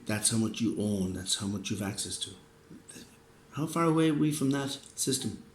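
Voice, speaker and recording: Gravelly and mid-range, this Irish podcast host's voice carries a somewhat drunk, earnest monologue laced with profanity, laughs and restarts as he rambles casually. The sound is roomy and echoey, with a faint hum of background noise.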